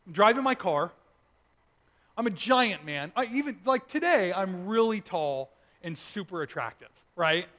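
High-voiced pastor telling a story. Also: male voice, a little slow. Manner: animated storytelling, swinging from loud to hushed. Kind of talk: sermon with personal testimony.

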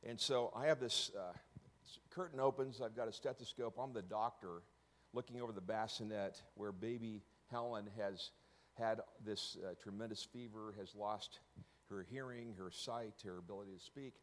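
Middle-aged man, lowish voice, storytelling speaker; restarts often, jokes on the side. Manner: halting, self-correcting, with joking asides. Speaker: speaker telling his story to an audience. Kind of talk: personal storytelling talk.

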